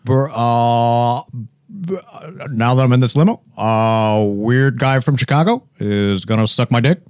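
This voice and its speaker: A man doing a comedic impression of a measured, halting male ex-president. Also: mid-range voice, darkish tone, smooth, no room sound, studio quality, close to an everyday voice. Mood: indignant. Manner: halting, drawn-out pauses.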